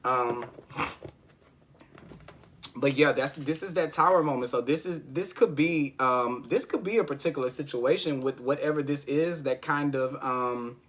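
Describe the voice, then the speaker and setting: A man's voice: medium pitch, a little slow, a bit bright. A man giving a casual tarot reading, rambling and encouraging, often checking in with "okay?". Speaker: tarot reader.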